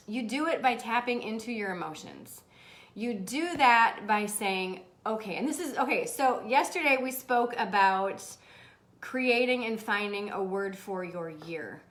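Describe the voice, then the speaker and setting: A woman hosting a live motivational stream in a bubbly, animated manner, laughing often and swearing casually. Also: a little high. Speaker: host. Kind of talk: livestream motivational talk.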